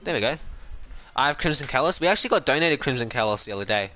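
Bright-voiced Australian streamer man. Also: mid-range voice, animated, fast talker, soft background music. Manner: rambling, chatty, talks to chat between trades. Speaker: gaming streamer. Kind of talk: casual live-stream chat while trading. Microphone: personal streaming mic.

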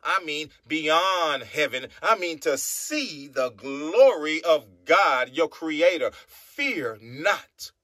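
A man's voice: fairly high pitch, animated, slow, few pauses, pushed and bright, no room sound. A man from the United States preaching a monologue, emphatic, repeating his phrases and humming between thoughts.

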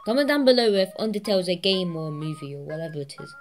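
A woman hosting a gaming channel, giving excitable let's-play commentary, swearing constantly and laughing at herself. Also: fairly low pitch, racing, soft background music.

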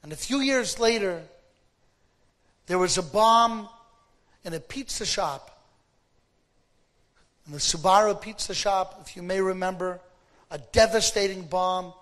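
A man's voice: sits high, a little slow, long pauses, fairly bright tone. A man, a rabbi, delivering a sermon with dramatic, emphatic storytelling.

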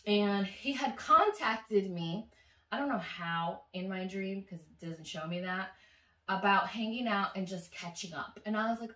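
A woman's voice: medium pitch, normal speed, recorded from a distance. Chatty woman vlogger in an echoey room. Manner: chatty, animated, swears freely. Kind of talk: casual storytelling to camera. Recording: echoey room, voice slightly off-mic.

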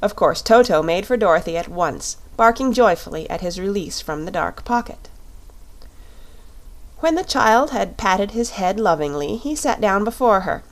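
A woman reading a children's classic aloud as narrator, with steady, clear storytelling. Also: mid-range voice, moderate pace.

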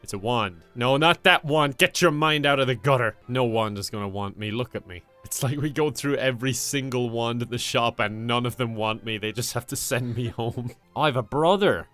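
A man's voice: medium pitch, normal speed, hardly any pauses, a bit bright, soft background music. Guy in his twenties, sarcastic let's-play host, joking at his own expense. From Ireland. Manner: sarcastic, joking, laughs at himself. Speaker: gaming YouTuber. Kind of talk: comedic let's-play commentary.

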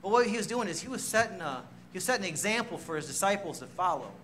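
In a church sanctuary, a pastor preaches with a high, fairly bright, very animated voice at a quick clip. He tells stories about himself, mocking himself and laughing along the way, with slight background noise.

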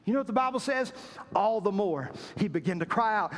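A man's voice: high-pitched, lively intonation, fast, in a large hall. A man preaching a sermon as pastor, dramatizing quotes with repeated, emphatic phrases. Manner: preaching with acted-out quotes and repetition.

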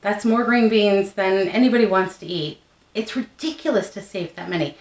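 A woman's voice: mid-range voice, normal speed, muffled recording. A woman chatting casually through a home cooking how-to, rambling with plenty of fillers and frugal asides. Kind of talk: casual kitchen how-to chat. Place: home kitchen. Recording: roomy echo, distant mic, faint noise.

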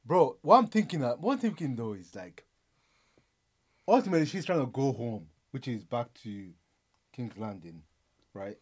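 A young man co-hosting a reaction video, arguing his points in animated, slangy casual chat. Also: medium pitch, moderate pace, long pauses, breathy edge.

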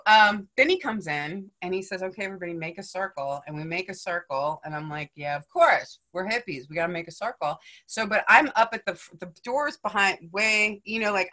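In casual podcast chat, a female guest with a voice on the low side shares a story. Blunt and spirited, she swears openly and habitually adds "right?" or "you know?" to what she says.

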